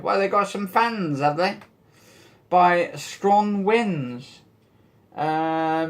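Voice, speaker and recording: Rambling man hosting a casual news vlog. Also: on the high side. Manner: rambling, jokey, swears casually. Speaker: vlog host.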